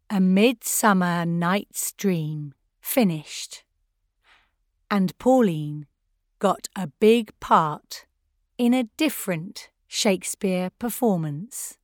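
A woman narrating a simple storybook in a careful, clearly paced way. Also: medium pitch, no echo, studio quality. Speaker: audiobook narrator. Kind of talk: slow graded-reader narration.

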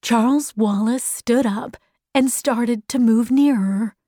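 A woman narrating a graded reader audiobook slowly and clearly. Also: fairly high pitch, mellow, no echo, clean studio sound. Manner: slow, clearly enunciated.

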